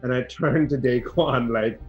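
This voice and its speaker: A man playing a tabletop game, talking in halting, wry bursts. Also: medium pitch, darkish tone, breathy edge, dull audio, faint music behind. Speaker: player. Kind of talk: in-character tabletop chat.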